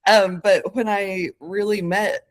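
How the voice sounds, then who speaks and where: A woman's voice: mid-range voice, steady tone, takes it slowly. A woman in her late thirties, a podcast guest telling her own story in an earnest, searching way, with many fillers and self-corrections. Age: 30s. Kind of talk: reflective conversational interview.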